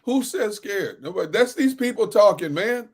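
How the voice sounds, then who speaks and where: A man co-hosting a sports talk show, pushing back on his guest with calm, teasing questions. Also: sits high, slightly rough. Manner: measured, needling, teasing questions.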